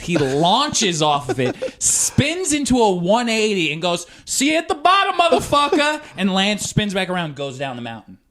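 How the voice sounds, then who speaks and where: A man's voice: high-pitched, fairly bright tone. A man co-hosting a podcast, telling a story in casual, profane, rambling chat. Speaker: podcast co-host.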